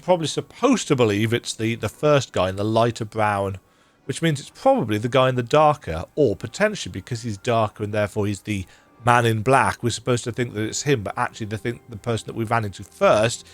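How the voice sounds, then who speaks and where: A man with a strained, tired voice giving rambling, self-deprecating commentary while playing a story game. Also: mid-range voice. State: strained, worn-out voice. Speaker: game streamer. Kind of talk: casual let's-play commentary.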